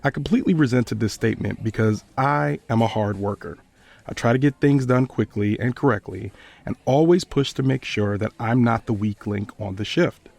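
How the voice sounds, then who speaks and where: A man hosting a podcast, retelling a personal story in a measured, earnest way. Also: medium pitch, creaky, a little mellow.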